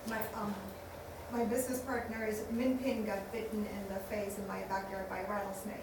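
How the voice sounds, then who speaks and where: A woman's voice: mid-range voice, little pitch movement, moderate pace. Storytelling woman, far off in an echoey room. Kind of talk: casual chat. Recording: very echoey room, distant from mic, noisy.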